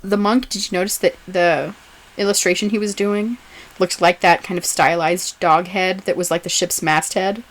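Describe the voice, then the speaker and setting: Woman, podcast co-host, lower-pitched, casual chatty recap, laughs often. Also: fairly even intonation, normal speed. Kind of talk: casual chat recapping a TV episode.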